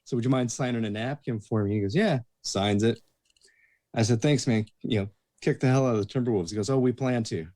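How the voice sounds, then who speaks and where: On a podcast, a man who works as a bouncer and bartender tells casual anecdotes at a fairly quick pace in a medium-pitched voice. He's a lively storyteller who acts out the voices of the people he describes.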